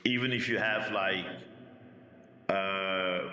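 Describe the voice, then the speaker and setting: Afrikaans-accented man, bright rough voice. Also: low voice, fairly even intonation, takes it slowly, reverberant, long reverb tail. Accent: Afrikaans South African, East Rand. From South Africa. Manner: rambling, many restarts and asides. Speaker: YouTube commentator. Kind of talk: reading a script, then rambling casual monologue.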